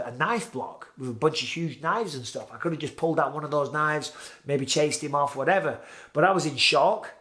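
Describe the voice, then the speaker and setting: With a fairly high, somewhat bright voice, a British man in his forties casually shares a vivid personal anecdote, reenacting his own earlier lines.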